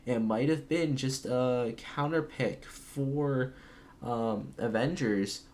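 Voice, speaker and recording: Man doing solo esports play-by-play. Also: medium pitch. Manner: rapid excited calls, then quieter. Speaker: esports caster. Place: home, quiet so as not to wake others.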